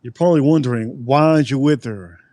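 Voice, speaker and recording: A man's voice: medium pitch, fast talker, dark tone, no room sound. A man hosting a casual live stream, rambling and repeating his phrases as he talks straight to his chat. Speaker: livestream host reviewing drinks.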